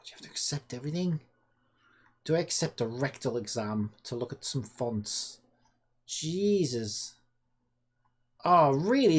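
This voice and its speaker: A man's voice: fairly high pitch, husky. A man chatting sarcastically to himself while developing a game. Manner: rambling, sarcastic, talks to himself. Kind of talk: casual screen-recorded dev vlog.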